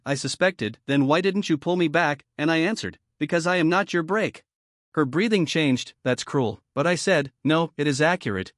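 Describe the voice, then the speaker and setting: A man tells a dramatic first-person story in a steady, even narrating voice. His pitch sits a little high for a man. The recording is dry and close, with no room sound. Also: no room sound.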